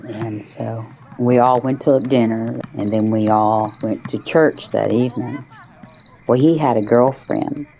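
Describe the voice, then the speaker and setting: Slow, gravelly-voiced woman storyteller. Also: very deep voice, mellow, slight background noise, low-quality recording. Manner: halting, with many restarts and "you know"s. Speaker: guest storyteller. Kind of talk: casual spoken storytelling.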